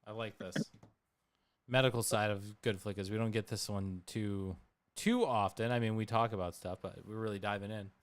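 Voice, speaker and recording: A man co-hosting a casual movie discussion podcast, animated, often trailing off and restarting. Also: lowish voice, moderate pace, no echo. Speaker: podcast co-host.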